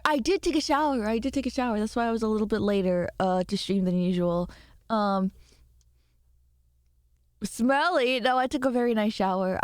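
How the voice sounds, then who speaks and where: A woman's voice: a little high, no echo, clean studio sound. A tired woman streamer chatting casually and rambling, laughing as she answers her chat. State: tired from little sleep. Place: home room.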